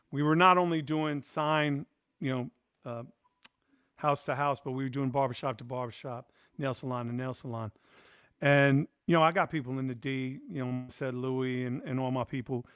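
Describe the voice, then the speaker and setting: A man's voice: mid-range voice, clear, resonant tone, dry recording, studio quality. A man hosting a podcast who tells a story in casual chat, acting out the voices of the people he quotes. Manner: animated, acts out quoted voices. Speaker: podcast host.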